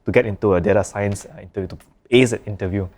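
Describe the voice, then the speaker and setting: A man co-hosting a podcast, asking questions and adding short comments in a relaxed way. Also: fairly low pitch, quick pace. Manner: prompting questions, brief agreements. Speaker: podcast co-host. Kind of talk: casual podcast chat.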